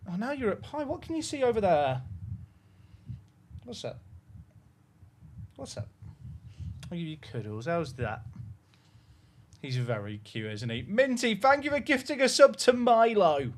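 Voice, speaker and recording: A man's voice: a little high, huge pitch swings, a little slow, long pauses, slight background noise. A man on a headset mic, talking to his livestream chat while cooing to his dog in baby talk. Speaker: game streamer.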